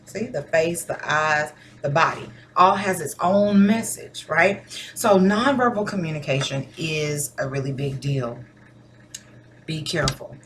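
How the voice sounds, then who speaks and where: A woman's voice: sits low, a little slow, slight background noise. A woman teacher giving a recorded lesson to her students, chatting casually and acting out different tones of voice. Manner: conversational, animated demonstrations of tone.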